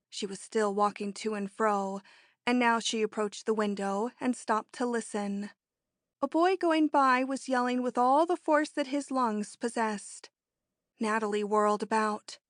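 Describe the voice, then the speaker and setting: A woman narrating an audiobook in a measured, even storytelling manner on a close mic. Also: on the high side, dry recording. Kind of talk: scripted narration.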